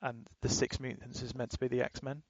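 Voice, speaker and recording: A man's voice: medium pitch, level tone, fairly quick, muffled recording, a crowd in the background. A man co-hosting a podcast, rambling in casual chat, swearing freely and laughing as he retells things. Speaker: podcast co-host.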